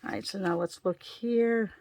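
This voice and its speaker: Woman showing how to make a card, fry in her voice, talks herself thru each step. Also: medium pitch, measured pace, noisy background. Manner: chatty, talking herself through each step. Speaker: card-making demonstrator. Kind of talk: casual crafting tutorial.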